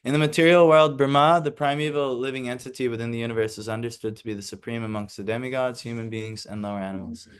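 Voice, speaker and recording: A man's voice: medium pitch, fairly even intonation, quick pace, hardly any pauses, clean tone. A man leading a scripture class, reading passages aloud and explaining them in a casual way, hesitant over Sanskrit recitation. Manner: reads steadily, then slips into casual asides with fillers.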